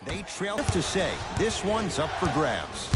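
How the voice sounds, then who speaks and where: A man's voice: high voice, sing-song, takes it slowly, heavy background noise. A man calling a basketball video game play by play in short, punchy bursts, recorded as game audio. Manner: clipped, punchy call of each play. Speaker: play-by-play announcer. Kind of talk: sports play-by-play commentary. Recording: game audio with loud music over it. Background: loud game music, ball bounces.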